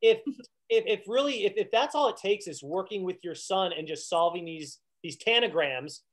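A man's voice: high-pitched, animated. Chatty man co-hosting an aftershow. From Massachusetts, USA. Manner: chatty, recapping with quick impressions. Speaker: aftershow co-host. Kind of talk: casual chat.

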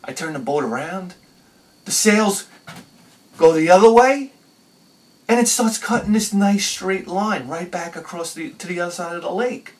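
Excitable male vlogger telling a story, bursts loud then drops quiet, slightly raised pitch, miked from a distance. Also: moderate pace. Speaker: video host. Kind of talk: animated personal storytelling.

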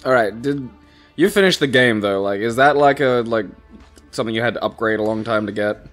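A man co-hosting a let's play, chatting casually and joking around with quick wisecracks. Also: medium pitch, fairly bright tone, faint music behind. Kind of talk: casual gameplay banter.

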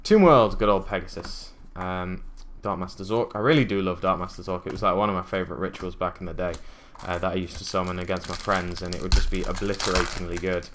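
A man's voice: low-pitched, steady tone, fast, few pauses, fairly bright tone, slight background noise. A young man chatting casually as he opens card packs, musing aloud with many ums and uhs. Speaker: card-opening YouTuber. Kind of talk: casual unboxing commentary.

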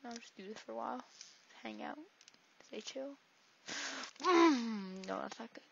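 A woman's voice: on the high side, lively intonation, a little slow, gravelly, background noise. A woman giving casual, rambling let's-play commentary, joking and talking to herself as she plays. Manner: rambling, jokey, talks to herself. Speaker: gameplay commentator. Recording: dull lo-fi recording.

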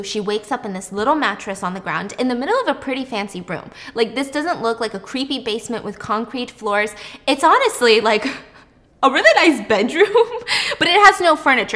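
A woman's voice: on the high side, sing-song, moderate pace, a bit bright. A young woman podcast host telling a story in a casual, joking, slangy way while she bakes.

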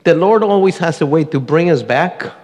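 A man's voice: fairly high pitch, lively intonation, moderate pace, a little mellow, lo-fi sound. A middle-aged man giving a personal testimony to a congregation, an earnest storyteller who acts out the voices he quotes. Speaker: church member giving testimony. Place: church sanctuary. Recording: long church hall reverb.

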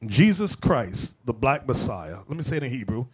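A man preaching a fiery sermon, talking emphatically and shouting at times as he addresses the brothers. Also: mid-range voice, big pitch swings, normal speed, slightly rough. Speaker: bishop preacher.

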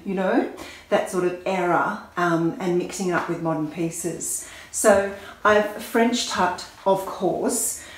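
A woman chatting enthusiastically about styling outfits, explaining each choice as she goes. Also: lowish voice. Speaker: fashion vlogger. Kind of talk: casual fashion styling talk to camera. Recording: very echoey room with faint noise.

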